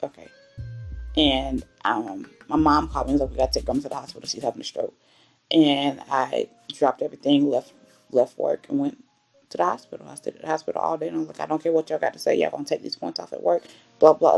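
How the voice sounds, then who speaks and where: A woman in her twenties with a low voice and a gravelly, fry-tinged edge tells a personal story for her faith vlog. She talks in a candid, emotional way, and soft music plays faintly behind her. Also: steady tone, fast talker. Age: 20s. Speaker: vlogger.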